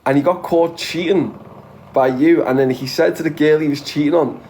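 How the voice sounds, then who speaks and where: A man's voice: a little high, fairly even intonation, moderate pace, a little mellow, a little hiss or hum. A man with a Scouse accent chatting casually to viewers as a livestreamer, blunt and full of swearing, chuckling often. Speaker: livestreamer reading viewer comments.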